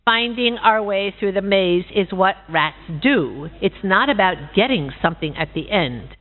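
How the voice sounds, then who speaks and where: Woman voicing a pugnacious storybook rat, steely and measured, lively pitch, thin phone-like sound. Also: close to an everyday voice. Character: gruff belligerent female rat, busy in a maze.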